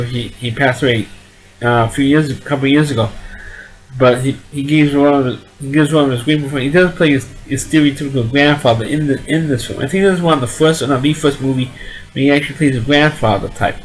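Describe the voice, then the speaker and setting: A man's voice: mid-range voice, brisk, low-quality recording. Rambling man reviewing an old movie. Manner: rambling, repeats and restarts words. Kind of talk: casual spoken movie review.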